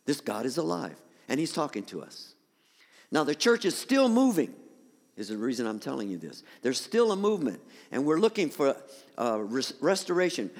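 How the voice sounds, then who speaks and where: A male pastor preaching a sermon in a church, animated with rising emphatic peaks. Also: medium pitch, normal speed, in a large hall. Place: church sanctuary.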